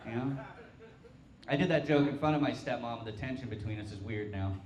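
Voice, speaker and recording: A young man from Tulsa performing a stand-up set with deadpan, self-mocking crude punchlines. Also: mid-range voice, brisk, background noise. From Tulsa, Oklahoma. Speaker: stand-up comic. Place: brewery comedy stage, live crowd. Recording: roomy live-venue sound.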